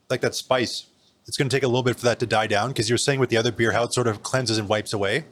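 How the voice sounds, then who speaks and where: A man chatting casually on a podcast, relaxed and thinking aloud with many fillers. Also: medium pitch, quick pace. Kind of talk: casual chat.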